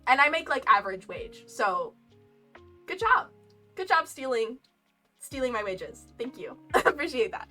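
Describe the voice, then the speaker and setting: A young woman with a high, bright voice chatting casually as a streamer. She rambles through a story with lively, swooping pitch and laughs often. Soft lo-fi music plays behind her. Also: a little slow, pauses often.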